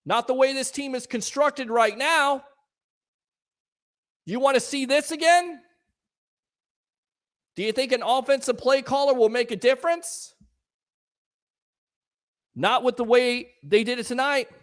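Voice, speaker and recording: A man's voice: very high-pitched, unhurried, pauses often, a bit bright. A male sports talk host taking callers after a loss, frustrated and emphatic, firing off rhetorical questions. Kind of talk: call-in sports talk show.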